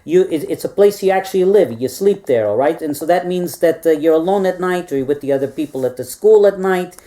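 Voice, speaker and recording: Teaching a group of stuffed animals, a woman delivers a rambling, comic history lesson, ending lines with "all right?" and repeating words along the way. Her lowish voice is mellow, animated, and brisk.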